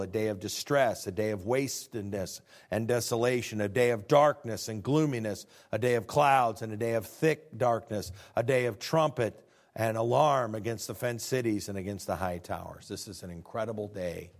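A man with a Midwestern American accent preaching a sermon. He reads scripture aloud, explains it, and swings from low asides to loud, high-pitched peaks. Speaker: pastor.

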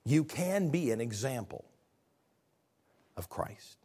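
A man preaching a sermon, earnest and animated, asking the congregation questions. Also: medium pitch, slow, slightly rough.

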